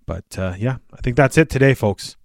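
A man co-hosting a casual podcast chat, relaxed and quick to laugh, often restarting his sentences. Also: medium pitch, vocal fry, no echo, clean studio sound. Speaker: podcast co-host.

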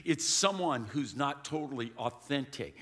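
A man preaching a sermon as pastor, calling to the congregation and rising to shouts. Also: mid-range voice, animated, measured pace. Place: large church hall. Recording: long hall reverb.

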